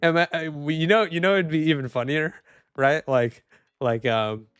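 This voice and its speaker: A man's voice: fairly high pitch, fairly even intonation, moderate pace, a bit bright, clear, resonant tone, dry recording. A young man streaming live, making casual commentary as he reads posts and keeps laughing and saying "dude". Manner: laughing, mocking, says dude a lot.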